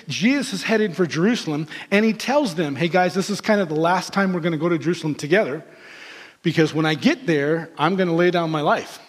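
A man's voice: sits high, big-room sound. A man preaching a sermon in a church sanctuary, telling stories animatedly and acting out the people he quotes. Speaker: pastor.

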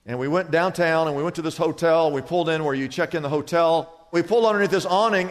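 A middle-aged man preaching a sermon as pastor, telling a story in a lively, animated way. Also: sits high, fairly quick, hardly any pauses. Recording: long reverb of a large hall.

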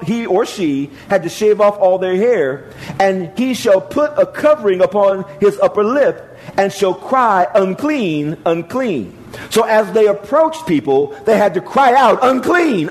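A pastor delivering a sermon in a high, very animated voice. He preaches with strong emphasis and repeats phrases for effect, swinging from loud calls to quiet, low lines. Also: low-quality recording.

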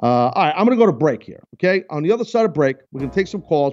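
A man's voice: fairly high pitch, big pitch swings, rapid-fire, hardly any pauses, a little mellow, lo-fi sound, faint music behind. A man hosting a live talk radio show, ranting bluntly and repeating himself as he argues about wrestling. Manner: blunt, heated, repetitive ranting. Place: radio studio.

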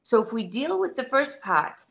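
A woman's voice: fairly high pitch, very animated, normal speed, gravelly, fairly bright tone, muffled recording. A woman journalist giving interview answers, earnest and insistent as she builds her case step by step. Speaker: guest journalist.

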